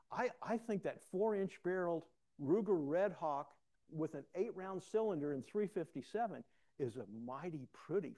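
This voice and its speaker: Folksy older male preacher, mellow voice. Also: on the high side. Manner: folksy, rambling, repeats words when starting a thought. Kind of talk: conversational sermon.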